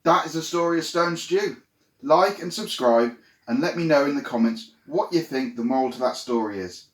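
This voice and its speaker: A man telling a folk tale in a relaxed, casual way, with many "so he goes" links. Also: on the high side, normal speed. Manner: relaxed, repetitive "so he goes" narration. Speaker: storyteller and channel host. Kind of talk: casual spoken storytelling. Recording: roomy echo, faint ambient noise.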